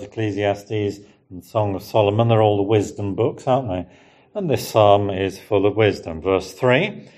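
A man with a fairly low voice gives a relaxed Bible teaching. He muses aloud and keeps checking in with his listeners through rhetorical questions. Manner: conversational, musing, asks the listeners rhetorical questions. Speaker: preacher.

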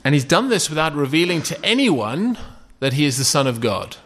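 A man's voice: on the high side, big pitch swings, moderate pace, fairly bright tone, slight background noise. A man preaching a sermon in a conversational way, often checking in with "okay?" and asking rhetorical questions.

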